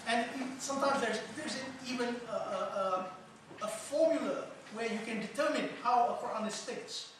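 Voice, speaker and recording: A man's voice: very high voice, fairly bright tone. Man lecturing in an echoey hall. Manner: measured, explanatory, poses questions to the audience. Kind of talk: conference lecture. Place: conference hall. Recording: echoey hall from far off with noise.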